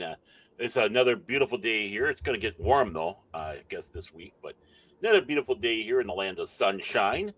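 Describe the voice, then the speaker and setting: A man reads comic news aloud on a casual podcast, joking about his own slips. His voice is bright, with lively ups and downs. The sound is dry and close. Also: lowish voice, brisk, no echo. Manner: stumbles and jokes while reading. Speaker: podcast co-host. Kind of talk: casual chat, reading articles aloud.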